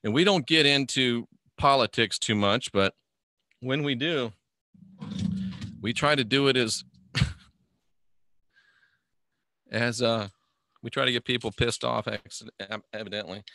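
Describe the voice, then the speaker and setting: A man's voice: mid-range voice, measured pace, long pauses, sharp tone, no room sound, clean studio sound. A middle-aged man hosting a casual live stream, reading viewer questions and rambling in an offhand, joking way. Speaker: livestream host reading viewer comments.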